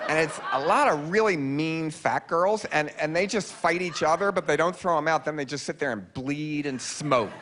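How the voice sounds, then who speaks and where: A man, telling wry deadpan stories in a stand-up monologue in front of a live audience. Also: normal speed, hardly any pauses. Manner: wry, deadpan storytelling with sudden high-pitched quoted voices. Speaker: comedian telling stories on stage. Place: live lecture hall with audience.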